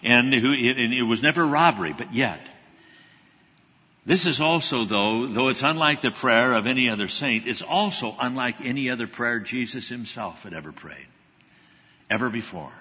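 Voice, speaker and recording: A man preaching a sermon in an earnest way. His voice rises with intensity, then drops to hushed, humble tones when he quotes scripture. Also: mid-range voice, animated, moderate pace, breathy edge. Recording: long reverb of a large hall.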